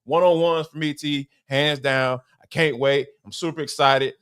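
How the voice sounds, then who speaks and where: A man who is a football analyst on a sports talk podcast, excitable and animated, telling stories with acted-out quotes. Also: fairly high pitch, moderate pace, clean tone.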